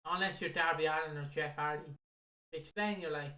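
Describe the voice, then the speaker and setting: Halting man in an echoey room. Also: fairly high pitch, fairly even intonation, sharp tone. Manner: halting, restarts, sweary. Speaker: podcast co-host. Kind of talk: casual wrestling review chat.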